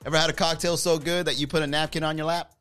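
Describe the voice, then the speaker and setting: A man's voice: on the high side, little pitch movement, fast, fairly bright tone, clean tone, soft background music, natural voice. A man acting out a tipsy guy who puts on fancy, self-important airs. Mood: mock-fancy. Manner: mock-posh, self-important.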